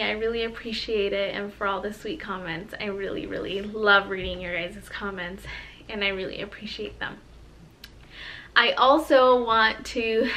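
A woman's voice: medium pitch, sharp tone, low-quality recording. A young pregnant woman talking to her viewers in a casual home vlog, gushing and emotional, close to tears. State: heavily pregnant. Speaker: vlogger. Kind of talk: casual vlog talk to camera.

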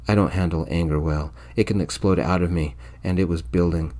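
A man narrating a story in the first person, quietly and evenly, in soft-spoken ASMR storytelling. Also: low voice, fairly even intonation, fairly quick, few pauses.

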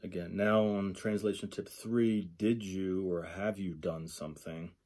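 Male instructor, low mellow voice, unhurried, thinks aloud through textbook examples. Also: steady tone. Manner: slow, thinking aloud, repeats example glosses. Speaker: sign language instructor. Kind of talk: lecture walking through a textbook.

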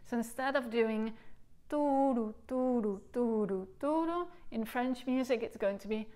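Brief: woman music teacher, fairly high voice, calm instructional video delivery, sings tonguing syllables to demonstrate. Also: unhurried. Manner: demonstrates articulation by singing syllables; clear, patient explanations. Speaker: recorder teacher.

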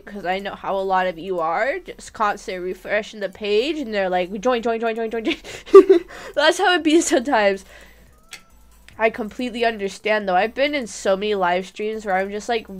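A young woman streaming a game live, bubbly and giggly, chatting excitedly with her viewers. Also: medium pitch. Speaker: gaming streamer. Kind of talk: live-stream gameplay chat.

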